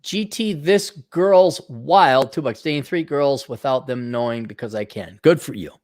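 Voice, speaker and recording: A man's voice: mid-range voice, unhurried, a little mellow, no room sound, studio quality. A man hosting a livestream, reading out viewer donations and rambling off into sarcastic, mocking tangents. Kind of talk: casual livestream rant.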